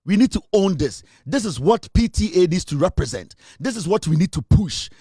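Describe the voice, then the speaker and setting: A man's voice: sits high, expressive, normal speed, dark tone, husky, no room sound, clean studio sound. A man with a Ghanaian accent hosting an impassioned commentary show, preaching and repeating lines for emphasis. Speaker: show host. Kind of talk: impassioned commentary mixing English and Twi.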